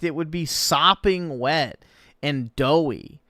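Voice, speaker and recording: Sarcastic man with a lively, slow voice. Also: on the high side, no room sound, clean studio sound. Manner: sarcastic, profane, exasperated. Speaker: streamer reacting to a video. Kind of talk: mocking reaction commentary.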